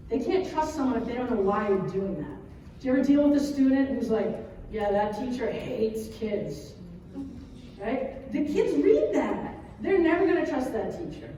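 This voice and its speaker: A high, mellow female voice carries through a big echoing hall, heard from a distance with faint background hum. She is an educator in her thirties, telling stories in a chatty, animated way and checking in with the audience as she goes. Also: normal speed. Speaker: educator giving a conference talk. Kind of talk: conference talk with storytelling. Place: large hall at an educators' conference. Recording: echoey hall from far off.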